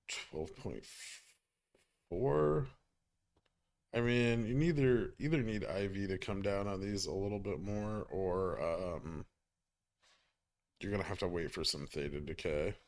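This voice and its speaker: Laid-back low-voiced man streaming. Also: slow pace, pauses often. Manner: offhand, reads chat questions aloud, swears casually. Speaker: stock market streamer. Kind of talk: casual livestream chat.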